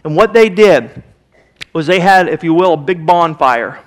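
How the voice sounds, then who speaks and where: A man's voice: on the high side, lively intonation, measured pace. A man with a Midwestern American accent preaching a sermon as pastor, emphatic and conversational, acting out little quotes. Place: church sanctuary.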